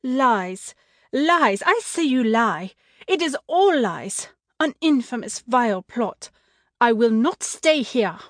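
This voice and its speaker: A woman's voice: sing-song, takes it slowly, dry recording, studio quality. A woman voicing an indignant maid who is hiding a false identity, in a play reading. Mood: frantic denial. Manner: shrill, indignant protests. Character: cornered female maid posing as French, defiant. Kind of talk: amateur audiobook play reading.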